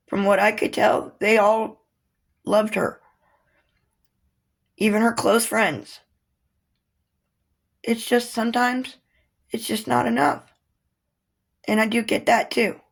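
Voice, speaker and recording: A woman's voice: mid-range voice, gravelly. A woman talking to her viewers in a personal vlog, earnest and heartfelt, opening up about hard memories and pleading with people to help each other. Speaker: vlogger. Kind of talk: personal talk to camera.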